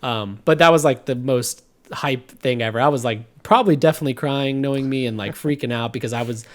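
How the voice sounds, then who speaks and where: A man in his twenties telling a story in casual podcast chat, calm and collected. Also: mid-range voice, brisk. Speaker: podcast co-host.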